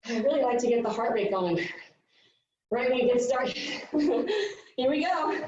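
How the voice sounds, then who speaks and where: A woman's voice: fairly high pitch, expressive, a little slow, darkish tone, heavy reverb, recorded from a distance, dull audio. A woman fitness coach leading a live workout, out of breath, upbeat and counting down the reps.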